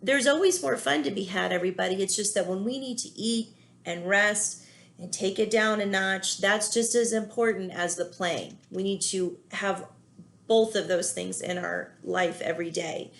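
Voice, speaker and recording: Gentle woman reading a picture book aloud. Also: medium pitch, moderate pace, gravelly. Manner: gentle, reassuring, explains feelings to children. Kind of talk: children's read-aloud with commentary.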